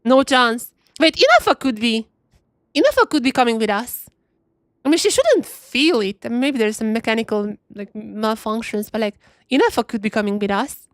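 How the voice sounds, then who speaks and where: A woman's voice: on the high side, big pitch swings, dry recording. Emphatic young woman streaming a game. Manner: emphatic, repeats herself with quick dismissals. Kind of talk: live gameplay commentary.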